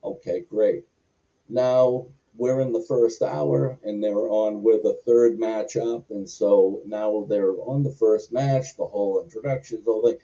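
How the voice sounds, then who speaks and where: A wrestler telling a long backstage story in an interview, rambling with many fillers. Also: male voice, on the low side, steady tone, unhurried, dark tone. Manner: rambling, filler-heavy anecdotes. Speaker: wrestler guest. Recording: muffled lo-fi recording.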